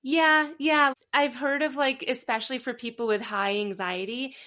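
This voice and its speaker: A woman's voice: high voice, fairly even intonation, moderate pace, pushed and bright. A young adult woman hosting a podcast interview, telling stories in a chatty, casual way. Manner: chatty storyteller, acts out quotes. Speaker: podcast host.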